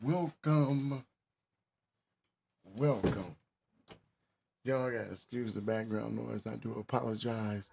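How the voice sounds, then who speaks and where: A man hosting his podcast in a relaxed livestream chat, slangy and repeating himself, with his mic turned up loud. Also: on the low side, normal speed, vocal fry, hardly any pauses, noisy background. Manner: laid-back, repeats phrases, slangy. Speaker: podcast host.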